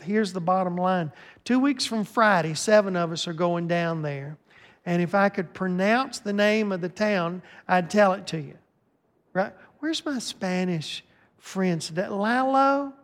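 A man with a notably high voice preaches to his congregation, lively and joking as he calls people up front. His handheld mic rings out with a long reverb through the church sanctuary. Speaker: pastor. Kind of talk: sermon with announcements.

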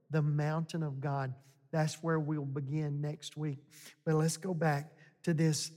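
A man's voice: fairly high pitch, a little mellow. A man preaching a sermon, talking to the congregation in a conversational way and building to emphatic points. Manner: slow, conversational, rising to emphatic exhortation. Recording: long hall reverb.

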